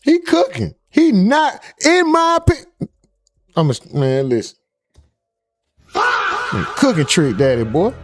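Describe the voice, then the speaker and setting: A man's voice: high-pitched, sing-song, slow pace, long pauses. A man hosting a live reaction stream, hyping up the clips he plays. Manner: hyped, eggs on the clip. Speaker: livestream host.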